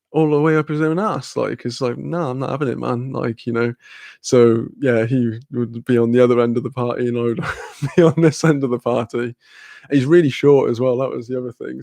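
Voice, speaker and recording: Young man, casual sweary storyteller, gravelly, dry close sound. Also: mid-range voice, a little mellow, no echo. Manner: rambling, sweary, laughing, fillers. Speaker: streamer.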